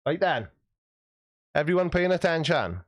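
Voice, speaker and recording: A man's voice: on the high side, sing-song, a little slow, dry recording, clean studio sound. A man hosting a livestream, chatting in a jokey, self-deprecating way as he reads out viewer comments. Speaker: YouTube host.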